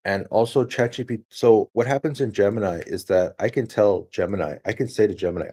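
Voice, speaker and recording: A man with a low, dark voice talks his way through a casual screen-share walkthrough. He rambles and thinks aloud, full of fillers and restarts. His tone is mellow and a little husky. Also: fairly quick. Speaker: solo streamer.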